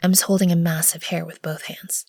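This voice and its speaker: A woman narrating an audio drama in the first person, measured and often hushed. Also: on the low side, flat delivery, dry recording, clean studio sound. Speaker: narrator and lead character.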